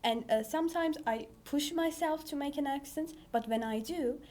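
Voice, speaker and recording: A teenage girl with a clear Turkish accent, a student guest speaking deliberately and confidently on a school podcast. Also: sits high, darkish tone. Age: teens. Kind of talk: casual podcast interview.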